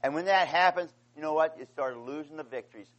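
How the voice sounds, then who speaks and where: A man preaching a sermon with passion, swinging from quiet explanation to loud, pleading outcries and calling out "amen" to his congregation. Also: on the high side, fast, dull audio. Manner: impassioned, rising to pleading outcries.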